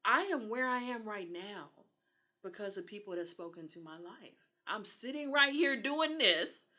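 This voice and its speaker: A woman's voice: medium pitch, lively intonation, normal speed, bright, forceful tone. A woman, talking earnestly in a casual podcast conversation and acting out the voices she quotes. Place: Texas.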